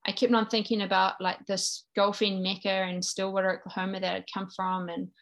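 A woman's voice: medium pitch, little pitch movement, brisk. A woman in her thirties from New Zealand, with a New Zealand accent, earnestly sharing her personal faith story as an interview guest. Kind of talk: personal faith testimony in conversation.

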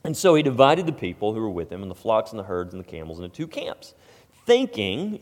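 A middle-aged man giving a conversational sermon as pastor, with stammered restarts, soft asides and sudden loud emphatic stretches. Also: fairly low pitch, sing-song, fairly quick. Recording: long hall reverb.

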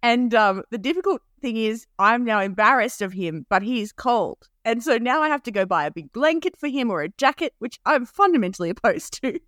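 A woman's voice: a little high, expressive, fairly quick, hardly any pauses, a bit bright, dry recording, clean studio sound. A woman co-hosting a podcast, telling a story in casual chat and laughing often. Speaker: podcast co-host.

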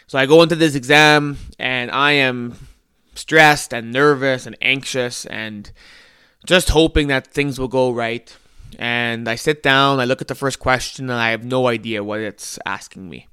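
Earnest young guy telling a story on his podcast, bright clear voice, dry close mic. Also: mid-range voice, fairly even intonation, a little slow, no room sound. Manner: earnest, reflective, with small restarts. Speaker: podcast host. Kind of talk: personal storytelling monologue.

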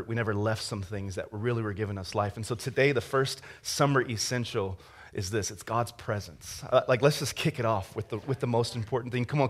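A man, a pastor, giving a conversational sermon with stories and frequent restarts. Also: mid-range voice. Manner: conversational, storytelling with restarts and laughter.

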